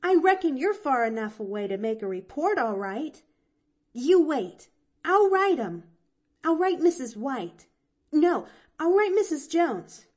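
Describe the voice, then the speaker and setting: A woman reads as a bright, high-pitched little girl in an audiobook, chattering on in a rush. Her voice leaps up and down with lively swings, though the words come at an unhurried pace. She is cheerful and eager, tumbling from one thought to the next. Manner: eager, rambling, breathless chatter.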